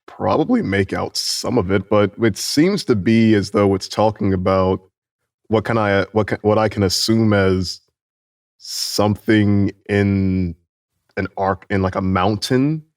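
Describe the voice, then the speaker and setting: A man's voice: lowish voice, measured pace, no room sound, clean studio sound. A man voicing an easygoing adult man in a tabletop role-play, rambling and hesitant, with jokey asides.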